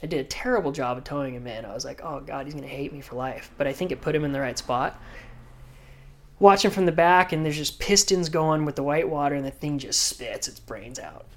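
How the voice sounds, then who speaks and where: A man, a professional surfer, telling animated stories full of surf slang as a podcast guest. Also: fairly high pitch, brisk. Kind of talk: podcast interview storytelling.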